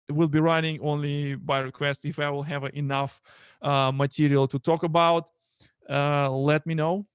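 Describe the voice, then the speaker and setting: Halting Russian-accented man hosting a stream. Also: a little high, smooth, dry recording, clean studio sound. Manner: halting, many fillers and restarts. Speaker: livestream host. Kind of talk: casual tech livestream wrap-up. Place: home.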